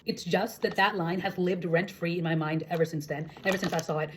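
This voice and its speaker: A young woman from India telling a story to camera in a chatty, animated way, with lots of fillers. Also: on the low side, a little fast, noisy background. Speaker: vlogger. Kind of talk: casual storytelling monologue.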